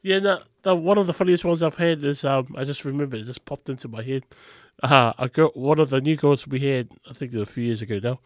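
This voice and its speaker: A man co-hosting a podcast in casual chat, telling stories and laughing loudly at them. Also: mid-range voice, a little fast, few pauses, no room sound, studio quality. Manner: animated, laughs loudly at his own stories. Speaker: podcast co-host.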